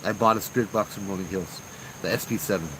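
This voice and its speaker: A man telling his own ghost story in a casual, slangy, animated way, acting out what people said. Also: sits low, fast, noisy background.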